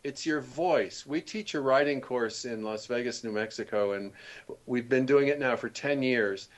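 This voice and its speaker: An older man who is a guest author on an interview show, speaking at a middle pitch. He tells anecdotes in a storyteller's way and laughs easily as he talks. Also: normal speed. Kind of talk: casual interview chat.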